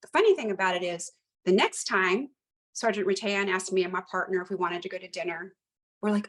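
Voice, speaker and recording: A woman in her fifties, a retired police lieutenant, telling stories as a guest in an animated, emphatic way and repeating phrases for effect. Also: mid-range voice, fairly quick. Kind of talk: conversational storytelling.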